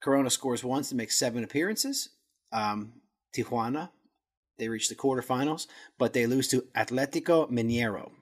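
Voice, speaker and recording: Talking at a moderate pace in a medium-pitched voice, a man hosting a podcast casually goes over a footballer's career statistics. Spanish words trip him up, and he pokes fun at himself for it.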